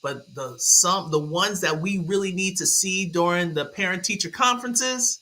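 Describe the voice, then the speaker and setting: A woman hosts a casual talk show and chats with her guest in an emphatic, conversational way. Her voice is very bright. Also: on the low side, moderate pace. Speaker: host. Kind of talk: casual chat.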